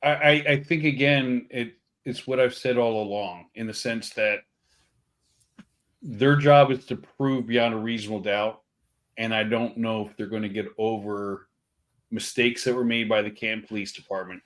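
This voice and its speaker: An older man who is a retired FBI agent, speaking as a podcast guest in a measured, skeptical way. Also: lowish voice, steady tone, a bit bright. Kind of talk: casual interview answers.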